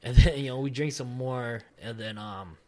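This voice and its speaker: A man's voice: mid-range voice, moderate pace. Laughing young man telling a drunk story. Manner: rambling, laughing, heavy slang and swearing. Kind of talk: casual chat.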